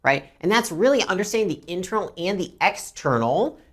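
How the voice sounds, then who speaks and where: A woman teaching a business training lesson as a coach, blunt and animated, swearing freely. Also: fairly low pitch, brisk.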